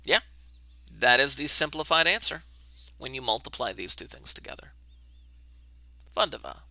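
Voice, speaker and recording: Gravelly, bright-voiced male math teacher. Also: medium pitch, animated, normal speed, no echo. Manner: casual, talks to himself while setting up camera. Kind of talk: online class lesson. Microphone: webcam.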